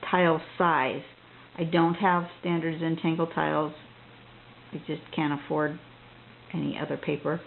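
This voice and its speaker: A drawing instructor with a lowish, gravelly voice chats and rambles through a lesson, thinking aloud and often restarting sentences. The audio is thin and tinny like a phone line, with a faint hiss beneath.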